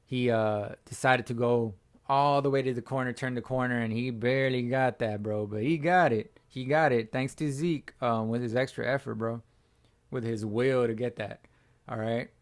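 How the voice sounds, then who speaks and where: Hoarse man, fan channel host, slangy casual sports reaction chat, mid pitch. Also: steady tone, normal speed. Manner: slangy, talks like chatting with a buddy. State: hoarse from screaming.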